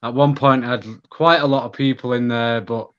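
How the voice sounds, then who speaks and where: A man with a Manchester accent, a podcast guest chatting casually about himself in a relaxed, rambling way. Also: mid-range voice, a little fast, smooth, muffled recording. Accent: Mancunian. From England. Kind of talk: casual conversation.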